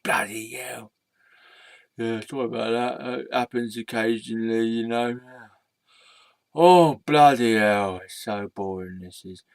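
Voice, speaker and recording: A man voicing a gloomy, bored male blue sock puppet who mumbles and grumbles in a low, slow voice. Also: a little mellow, smooth, no room sound, natural voice. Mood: mopey. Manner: mumbling, mopey, low-energy.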